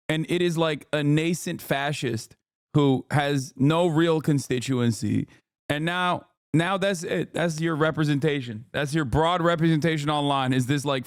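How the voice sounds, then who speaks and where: A man's voice: fairly high pitch, smooth, no room sound, studio quality. A man streaming live, reacting in a profane, rambling way, often breaking into laughter.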